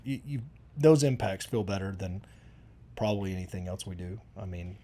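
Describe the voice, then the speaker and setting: A man's voice: low-pitched, normal speed, dark tone. A middle-aged man, chatting casually and telling rambling, folksy stories with lots of restarts. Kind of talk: casual conversation.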